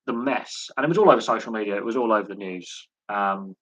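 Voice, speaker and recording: A man's voice: on the low side, fast, a bit bright, no room sound, low-quality recording. A man hosting a live sports chat stream, talking in a rambling way with many fillers and repeated words. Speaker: host.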